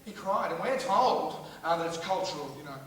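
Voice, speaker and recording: Sweary comedian, echoey hall. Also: male voice, fairly high pitch, animated, normal speed. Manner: swearing, rambling, riffing with the crowd. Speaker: stand-up comedian. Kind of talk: live stand-up rant. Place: large theatre hall. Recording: echoey hall recorded from far off with loud noise.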